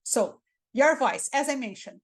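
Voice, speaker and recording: A woman with a Spanish accent coaches people for job interviews, her voice sitting a little high. She talks in an animated way, acting out flat and lively delivery to make her point. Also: a little slow. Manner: animated, demonstrates dull and excited delivery. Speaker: career mentor.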